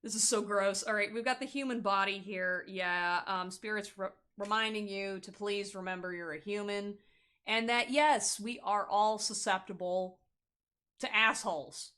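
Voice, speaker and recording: A woman's voice: medium pitch, fairly even intonation, moderate pace, sharp tone, smooth. A young woman giving a casual tarot reading, blunt and profane, laughing often and acting out little quotes. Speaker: tarot card reader.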